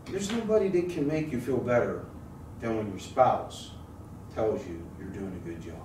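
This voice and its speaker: A man's voice: fairly low pitch, expressive, moderate pace. A man preaching a casual, jokey sermon, telling stories and calling on his congregation to answer back. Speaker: pastor. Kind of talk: conversational sermon. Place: church sanctuary. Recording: roomy, distant mic with noise.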